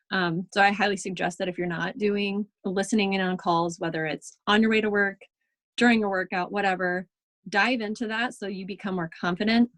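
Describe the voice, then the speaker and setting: A woman's voice: mid-range voice, dry recording. A woman leading a team in a casual, chatty training talk over a video call, full of ums and reassurance. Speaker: team leader in direct sales.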